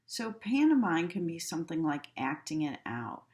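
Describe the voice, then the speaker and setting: A woman's voice: low voice, sing-song, a little mellow. A woman teaching a class from her home, explaining and acting out examples in a demonstrative way. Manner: slow, demonstrative, acts out tones and gestures. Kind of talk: recorded class lecture from home.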